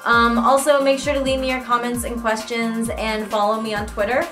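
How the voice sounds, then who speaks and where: A young woman hosting a comedic web news roundup, snarky and playful with quick jokey asides. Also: on the high side, level tone, a bit bright, soft background music. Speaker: show host.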